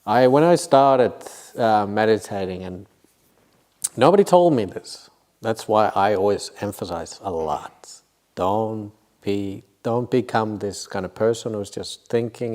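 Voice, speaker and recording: Wry, conversational monk giving a dharma talk. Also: male voice, on the low side, measured pace, a little mellow. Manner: conversational, wry humor, rhetorical questions; frequent restarts and self-corrections. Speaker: Buddhist monk teaching a meditation retreat.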